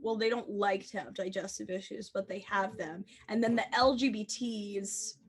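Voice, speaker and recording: A woman's voice: medium pitch, fairly even intonation, normal speed, slightly rough. A young woman co-hosting a podcast in casual chat, giggly and playful, sometimes trailing into mumbles. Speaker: podcast co-host.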